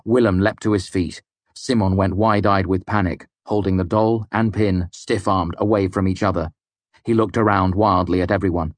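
A man reads a novel aloud with calm, steady pacing. His voice is very low and sits close and dry on the mic, with no room sound. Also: normal speed, no room sound. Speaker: audiobook narrator. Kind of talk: scripted narration.

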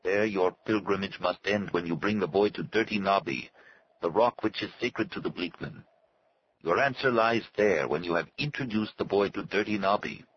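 A man's voice: deep voice, normal speed, muffled recording, a little hiss or hum, close to an everyday voice. A man voicing a sad, haughty native servant who speaks in formal, stately phrases. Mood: solemn. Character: solemn, haughty male native servant and guide. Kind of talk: audiobook character voice.

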